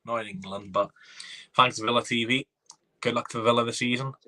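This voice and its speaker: This fan watchalong host talks fairly quickly in a bright, forceful voice pitched at a middle level. He reacts live to a football match, excitable and chatty, reading comments from viewers aloud.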